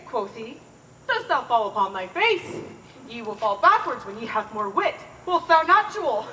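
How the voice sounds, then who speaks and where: A woman's voice: extremely high pitch, sharp tone, a little hiss or hum, full character voice, rough recording. A woman playing a garrulous, doting old nurse who rambles and keeps laughing through her words, in outdoor Shakespeare stage acting.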